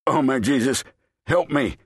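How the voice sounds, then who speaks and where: A man's voice: mid-range voice, unhurried, husky, no echo, clean studio sound, pitched above the performer's own voice. A man voicing a terrified, frail old man of eighty-two who pleads and wails. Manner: pleading, wailing.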